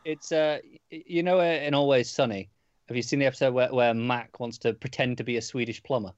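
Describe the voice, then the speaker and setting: A man co-hosts a casual podcast, explaining things in a relaxed way with frequent restarts. His voice is mid-pitched and dry. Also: fairly quick, no room sound, lo-fi sound. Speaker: podcast co-host. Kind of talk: casual chat.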